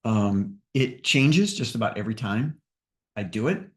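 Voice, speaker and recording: A man, a buyer's agent guest, explaining his process in a thoughtful, halting way with restarts. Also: fairly low pitch, lively intonation. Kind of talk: casual conversation.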